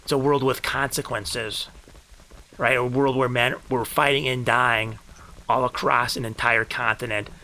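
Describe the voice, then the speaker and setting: Grandiose, bright-voiced male game streamer. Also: medium pitch, steady tone, a little slow. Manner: grandiose storytelling, turning heated and profane. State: high. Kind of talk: live game stream commentary.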